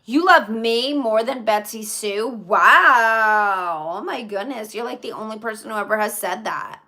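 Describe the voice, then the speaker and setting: A woman's voice: a little high, normal speed, fairly bright tone. A woman live streaming in casual chat, reading viewer comments aloud and answering them in a chatty way.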